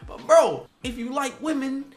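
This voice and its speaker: A young man vlogger telling a casual, slangy story that turns animated and high-pitched when he gets excited. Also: moderate pace.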